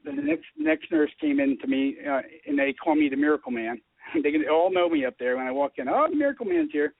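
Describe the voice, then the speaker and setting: Man on a tinny phone line, animated. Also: a little high, brisk, creaky, no echo. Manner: animated storyteller acting out dialogue. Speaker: guest telling his story. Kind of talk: casual phone-in chat.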